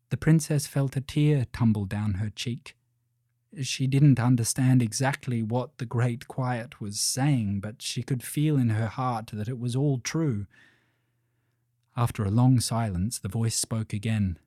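Brief: unhurried male narrator for a bedtime story, mellow tone, dry close sound. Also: medium pitch, dry recording.

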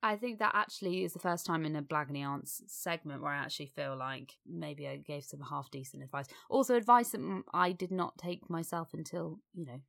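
A woman's voice: low-pitched, fairly quick, vocal fry, hardly any pauses, a bit bright. A woman co-hosting a casual podcast, candid and sweary, rambling through her points. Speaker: podcast co-host.

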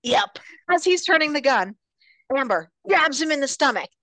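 A woman's voice: high-pitched, sing-song, moderate pace, sharp tone, no room sound. Dramatic woman recapping a story. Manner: dramatic storyteller, builds suspense. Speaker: podcast co-host. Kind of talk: casual book-recap chat.

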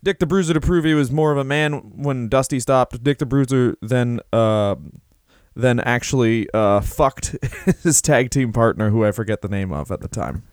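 A man's voice: medium pitch, normal speed, a little mellow, no room sound, clean studio sound. A man co-hosting a comedy podcast, telling crude, rambling made-up stories and slipping into silly voices. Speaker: podcast co-host. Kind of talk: improvised comedy chat.

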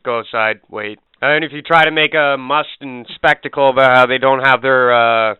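A man's voice: mid-range voice, level tone, normal speed, clear, resonant tone, no echo. A blunt, combative man swearing in casual podcast chat. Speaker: podcast co-host. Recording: tinny phone-like sound.

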